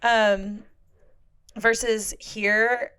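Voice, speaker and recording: Expressive young woman podcast co-host. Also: fairly high pitch, extremely slow, smooth. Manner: expressive storyteller, drops into a hushed voice for inner thoughts. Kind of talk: casual chat.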